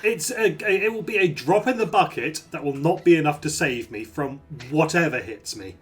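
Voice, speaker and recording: A man's voice: a little high, animated, moderate pace, soft background music. A man playing a tabletop game, joking dryly about his character's state. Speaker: player. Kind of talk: casual game chat.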